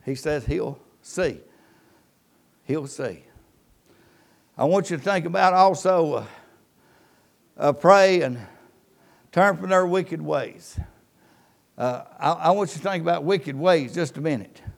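Gravelly high-voiced pastor preaching. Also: male voice, unhurried, pauses often. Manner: preaching with rising and falling emphasis, quoting scripture. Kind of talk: Southern church sermon. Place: church.

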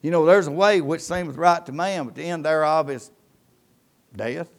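Gravelly high-voiced pastor preaching. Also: male voice, normal speed. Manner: preaching with rising and falling emphasis, quoting scripture. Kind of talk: Southern church sermon. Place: church.

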